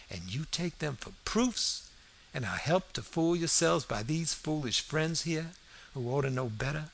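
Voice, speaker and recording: A man's voice: medium pitch, gravelly, a bit bright, slightly rough, exaggerated voice. A man reading the part of an honest older male doctor who sternly accuses and warns.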